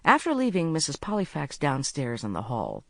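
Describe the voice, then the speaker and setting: Audiobook narrator, expressive and animated, middle pitch, close studio mic, dry. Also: moderate pace, gravelly, no echo. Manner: lively, expressive reading.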